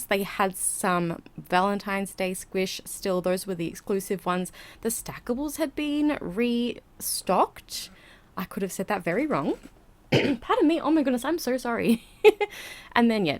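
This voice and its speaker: Breathless, chatty woman. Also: mid-range voice. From Australia. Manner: chatty, rambling, giggly. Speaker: vlogger. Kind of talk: casual voiceover narration. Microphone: home voiceover mic.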